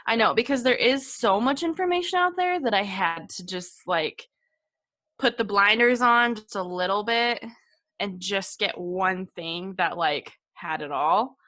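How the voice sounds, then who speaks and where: A woman's voice: mid-range voice, measured pace, pushed and bright. A young woman co-hosting a podcast, chatting casually and laughing often as she sets up a story. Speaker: podcast co-host. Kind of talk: casual chat.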